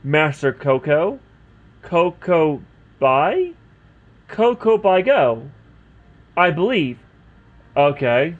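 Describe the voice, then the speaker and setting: Over narrow, tinny audio, a man livestreams a role-playing game in a fairly high voice that swings widely in pitch, drawing out words and leaving long pauses. He chats casually to viewers while reading the game's text, in relaxed commentary.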